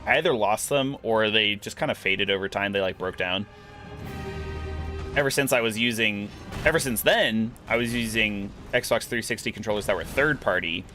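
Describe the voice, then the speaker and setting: A man's voice: on the low side, normal speed, sharp tone. A man streaming a video game, chatting casually with his viewers and answering chat, with lots of "like" fillers. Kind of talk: casual gameplay commentary. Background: game music.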